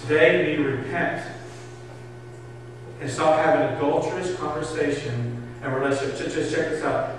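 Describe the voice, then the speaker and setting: A man with a high voice preaches with passion, rising to loud urging and dropping to hushed pleading. He is heard from a distance in a church hall with a long, booming echo and faint room noise behind him. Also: normal speed. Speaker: pastor. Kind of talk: sermon. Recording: echoey hall recorded from afar.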